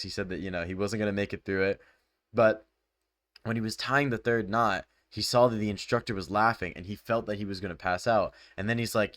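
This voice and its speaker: A man's voice: fairly low pitch, fairly bright tone, no room sound, studio quality. A young man casually summarizing a self-help book, chatty and loose with lots of filler words. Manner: loose and chatty, full of "like" and "bro".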